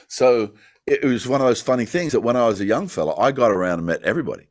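A man's voice: medium pitch, animated, quick pace, no room sound, clean studio sound. A middle-aged man with an Australian accent, a guest in a casual interview, rambling through his stories with lots of "you know" and laughs along the way. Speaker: actor guest.

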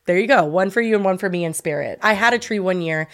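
A woman's voice: lowish voice, fast. A woman in her thirties co-hosting a podcast, chatting casually and rambling, with frequent swearing. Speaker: podcast co-host. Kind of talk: casual chat.

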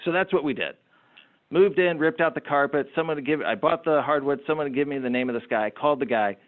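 A man's voice: a little high, fast. Middle-aged businessman on a tinny line. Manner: animated, repeats words while telling anecdotes. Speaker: guest, small business owner. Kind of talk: interview storytelling. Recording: phone-like narrow sound.

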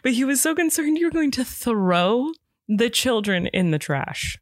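A woman in her thirties co-hosting a podcast, telling family stories in a lively, animated way. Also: fairly high pitch, unhurried, no echo, studio quality. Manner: animated storytelling with laughter. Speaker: podcast co-host. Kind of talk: casual chat.

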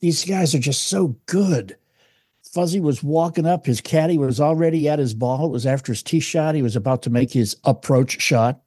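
A man's voice: on the high side, normal speed, a little mellow, breathy edge, dry recording. A male podcast co-host telling golf stories with dry humor. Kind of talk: casual chat.

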